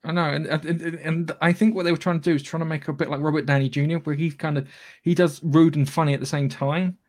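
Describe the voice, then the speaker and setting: A man's voice: on the high side, level tone, fast, a little mellow. A man co-hosting a podcast in casual chat, blunt and sweary, rambling with frequent restarts. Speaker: podcast co-host.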